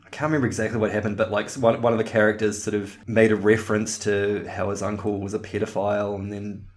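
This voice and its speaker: A man's voice: fairly low pitch, little pitch movement, fast. A young man co-hosting a podcast, chatting loosely, laughing often and trailing off mid-thought. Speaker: podcast co-host. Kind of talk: rambling casual chat.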